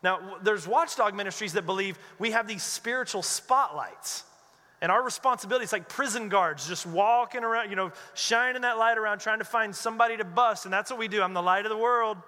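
Animated high-voiced man preaching. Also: fairly quick, in a large hall. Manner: animated storyteller who acts out quoted voices. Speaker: pastor. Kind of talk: sermon.

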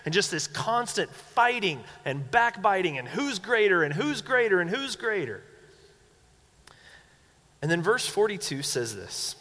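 A young man preaches a sermon with a bright, forceful tone and a slightly high voice. He acts out quoted voices with big swings in pitch. His words ring out with a long reverb, as if recorded in a large hall. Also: sing-song, unhurried. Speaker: pastor.

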